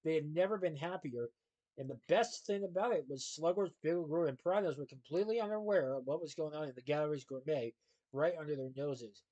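A man reading a children's novel aloud, expressive and shifting into character voices. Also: on the high side, fairly quick, dull audio. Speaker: storybook reader.

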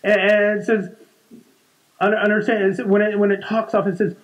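High-voiced pastor in his forties. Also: little pitch movement, normal speed, rough recording. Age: 40s. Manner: conversational, repeats words and restarts often. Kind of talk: sermon. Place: church.

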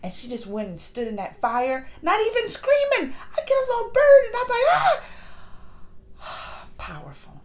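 A woman reviewing a movie in a casual vlog, gushing and excitable, with lots of fillers and restarts. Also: very high-pitched, a little hiss or hum. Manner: acts out lines in quick put-on voices. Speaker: movie reaction vlogger. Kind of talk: casual chat.

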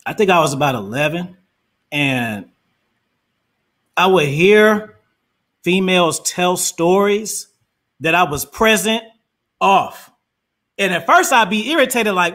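Animated, profane high-voiced man. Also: slow, pauses often. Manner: blunt, profane, animated storytelling. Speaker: interview host. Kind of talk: casual interview talk.

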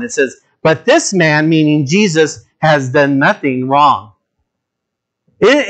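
A male pastor delivers a sermon in a fairly high voice. He speaks earnestly and directly to his listeners, dropping low and slow to stress a point, then lifting into urgent appeals. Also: a bit bright. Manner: dramatic shifts between low, slow emphasis and raised, urgent appeals.

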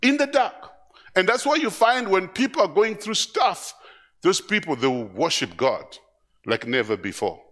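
A man preaching a live church sermon, animated, repeating words and acting out voices as he goes. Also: high voice, moderate pace. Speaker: pastor. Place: church service.

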